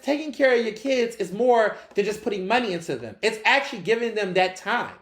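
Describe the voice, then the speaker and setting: A man hosting his own podcast, chatting in an animated, slangy way and speaking straight to his listeners. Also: high-pitched, roomy sound. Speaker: podcast host. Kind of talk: casual solo commentary.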